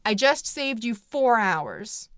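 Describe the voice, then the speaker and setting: A woman recaps a movie with dry, sarcastic asides, rambling along in a deadpan way. Her voice sits fairly high and sounds smooth and clear. The recording is dry and close to the mic. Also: takes it slowly, dry recording. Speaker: vlogger. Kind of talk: comedic movie summary.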